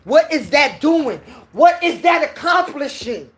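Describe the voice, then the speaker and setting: A woman's voice: a little high, animated, takes it slowly. A woman from New York with a New York accent, giving a heated, preachy opinion rant and repeating her points.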